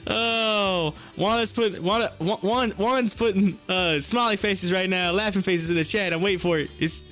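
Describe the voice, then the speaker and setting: A man's voice: sits high, a little slow, sharp tone, soft background music. A man hosting a live stock-trading stream in casual chat, reading viewers' messages aloud and laughing so hard his eyes water. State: laughing to tears.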